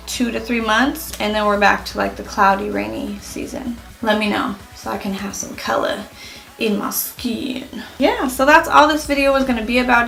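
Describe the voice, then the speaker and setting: Chatty young woman with bright, gravelly voice. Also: a little high, low-quality recording. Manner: chatty, frequent "like" fillers. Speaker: beauty vlogger. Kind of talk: casual product review vlog.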